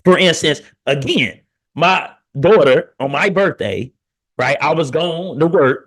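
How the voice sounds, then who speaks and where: A man in his thirties hosting a podcast, talking casually and preaching to fathers, with an animated storytelling manner. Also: a little high, measured pace. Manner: animated storyteller, acts out family quotes in raised voice. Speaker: podcast host.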